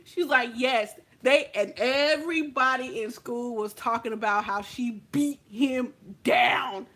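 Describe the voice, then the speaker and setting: A young woman from California telling a story in a casual, animated way, acting out what her friends said. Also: a little high, slow. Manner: animated, acts out friends' lines. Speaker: makeup vlogger telling a story.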